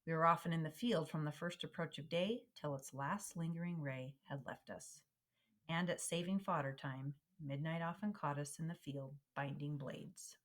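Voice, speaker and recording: Low-voiced woman reading a memoir aloud. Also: normal speed, fairly bright tone. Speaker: reader.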